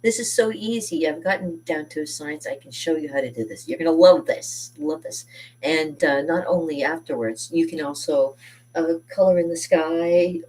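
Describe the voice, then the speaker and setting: A woman's voice: low voice, normal speed, a little mellow, recorded from a distance. A woman chatting casually and enthusiastically as she shows kids' painting projects, with lots of fillers and self-corrections. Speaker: art teacher showing kids' painting projects. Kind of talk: casual chat.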